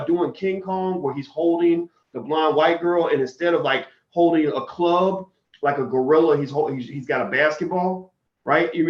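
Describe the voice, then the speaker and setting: A man's voice: fairly high pitch, echoey room, lo-fi sound. A man giving a blunt, profane, heated monologue on a livestream. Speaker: commentator.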